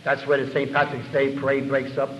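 A man telling his recovery story to an audience as a lively, self-mocking comic storyteller, in a dull lo-fi recording. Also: medium pitch, fairly quick, slight background noise. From New York City.

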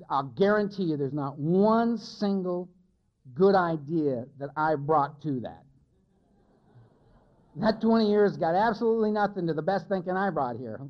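A slightly high, animated male voice at a moderate pace tells his personal story to a live recovery-meeting audience, openly and with self-mocking humor. The sound is lo-fi and dull.

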